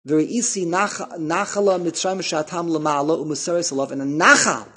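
A man's voice: fairly high pitch, steady tone, moderate pace, slightly rough. A man teaching a line-by-line text study. He reads passages with a pronunciation, explains them in English, and often stops to repeat words. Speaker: Torah teacher.

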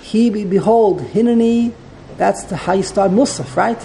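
Woman teacher, gravelly and mellow-toned, leads a text class with patient line-by-line explanations; faint room ambience behind. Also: medium pitch, moderate pace, a little hiss or hum, low-quality recording. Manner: explanatory, translates line by line, digresses.

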